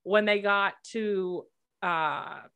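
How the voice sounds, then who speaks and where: A woman co-hosts a casual podcast chat in a mid-pitched voice. She talks bluntly and with strong opinions, swearing freely. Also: drawn-out words, gravelly, bright, forceful tone, clear, resonant tone. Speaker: podcast co-host.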